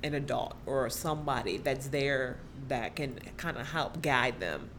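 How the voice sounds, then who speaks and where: A woman's voice: a bass voice, measured pace, fairly bright tone, slight background noise. A woman, a special education teacher speaking as a podcast guest, talking animatedly and laughing often. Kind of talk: conversational podcast interview.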